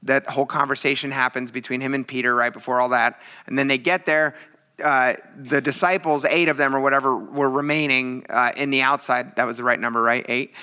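A man's voice: mid-range voice, steady tone, brisk, bright, forceful tone, clear, resonant tone. A man preaching a casual sermon in a chatty, teasing, self-mocking way. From military veteran. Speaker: pastor.

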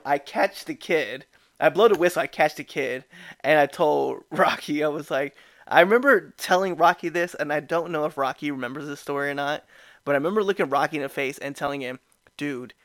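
Animated man telling a podcast story. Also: on the high side, a little fast, no echo, clean studio sound. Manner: animated, laughs often, many restarts. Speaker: podcast host.

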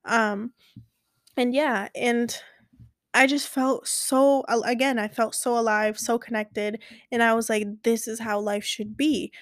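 A woman's voice: a little high, level tone, a little slow, no room sound, studio quality. A young woman telling a story in a casual vlog, chatty and rambling with lots of fillers and restarts, gushing with enthusiasm.

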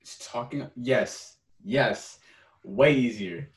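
A young man co-hosting a casual podcast, animated and quick to laugh, often stumbling over his words. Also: medium pitch, distant mic. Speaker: podcast co-host. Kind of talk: casual chat. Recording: echoey room.

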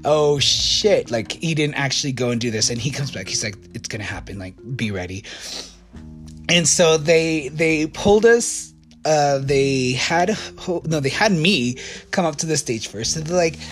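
A man's voice: a little high, animated, moderate pace. American male storyteller, chatty and rambling, faint music underneath. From United States. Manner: rambling, self-correcting, many fillers. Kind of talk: casual storytime.

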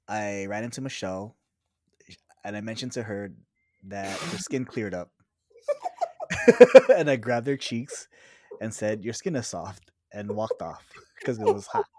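A man's voice: fairly low pitch, very animated, measured pace, long pauses, darkish tone, a little hiss or hum. A man casually telling a rambling story to a friend, often laughing as he talks. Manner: laughs through his own stories; loose, rambling with restarts.

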